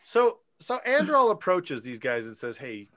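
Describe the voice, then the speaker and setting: A man's voice: high-pitched, moderate pace, over a noisy crowd. A man in casual podcast chat, animatedly retelling a story scene and acting out the characters' lines. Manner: animated, retells scenes with quoted voices and laughter. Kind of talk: casual book-discussion chat.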